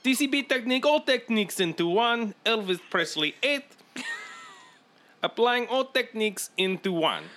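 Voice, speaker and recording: Guy doing a hammy eastern european accent, pitched way up, bright and lively, reads it like a solemn oath. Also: normal speed, slight background noise. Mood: declaiming. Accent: Eastern European, mock. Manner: overblown, declaiming, pitched up. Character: mock Eastern European storybook man, fervent.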